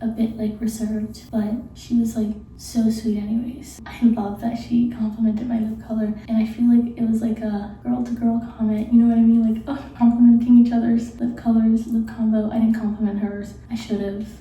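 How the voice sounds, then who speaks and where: Young woman, late-night storyteller; hushed, giggly, a touch high but flat in tone. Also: moderate pace, hardly any pauses, a little hiss or hum. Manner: hushed, half-whispered, giggly and gushing. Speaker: vlogger. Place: room at night before bed. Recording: very echoey room, mic far off.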